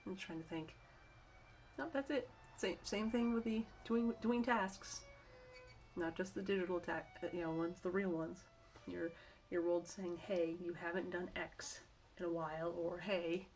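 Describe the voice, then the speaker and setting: A middle-aged woman talks casually to camera, rambling from one aside to the next and restarting her sentences. Her voice sits a little low for a woman. Faint music plays in the background. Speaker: vlogger giving work-from-home tips.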